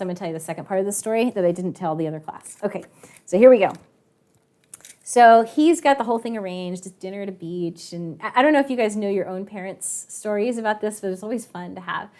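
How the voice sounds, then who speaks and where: A math and science teacher tells a lively story to her online class over a video call, chatty and animated, with frequent laughing asides. Her voice is mid-range, and she talks fast.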